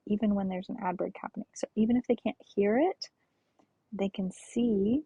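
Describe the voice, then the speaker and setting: A young woman game streamer chatting casually and excitedly, gushing greetings to her viewers with a breathy voice. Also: mid-range voice, normal speed, dry recording, dull audio. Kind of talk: casual live-stream chat.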